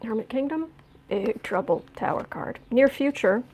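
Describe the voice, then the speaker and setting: A woman's voice: on the high side, expressive, normal speed, vocal fry, darkish tone, husky. A woman giving a casual tarot reading, musing aloud and often restarting or repeating words. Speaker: tarot reader.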